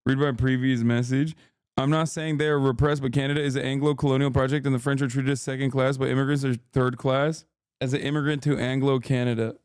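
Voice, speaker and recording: A man's voice: mid-range voice, a little mellow, clear, resonant tone, dry recording, studio quality. A man in his thirties streaming casual reaction commentary, blunt and profane, mocking and reading chat messages aloud.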